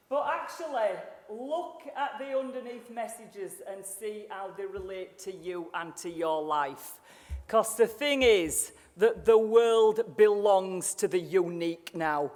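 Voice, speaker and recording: Brash Yorkshire woman giving a keynote. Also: a little high. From Yorkshire, England. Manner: brash, jokey and blunt, with mild cursing. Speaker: keynote sales speaker. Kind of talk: motivational keynote speech. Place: large conference hall. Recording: reverberant conference hall.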